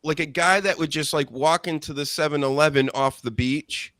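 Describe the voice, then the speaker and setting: A man hosting a casual wrestling podcast, animated and sarcastic, mocking people in high put-on voices. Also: moderate pace, no echo. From Boston area. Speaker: podcast host.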